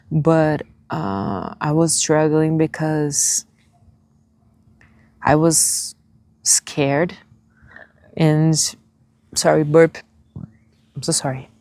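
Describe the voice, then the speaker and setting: Slow, low, gravelly-voiced woman vlogger. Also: darkish tone, dry recording. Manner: slow, halting, searching for English words. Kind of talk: personal confessional vlog.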